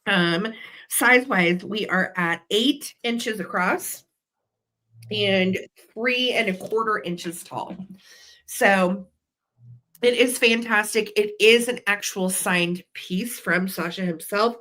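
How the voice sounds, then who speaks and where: A woman's voice: medium pitch, slow, pushed and bright. A woman hosting a live vintage sale, chatty and gushing, with an allergy cough. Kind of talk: live auction selling chat.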